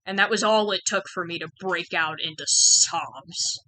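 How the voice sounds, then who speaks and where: A woman's voice: mid-range voice, unhurried, bright, forceful tone, dry recording, poor audio. A young woman candidly telling a personal story in a frank, conversational way, full of "like" and "um". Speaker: channel host sharing personal experience.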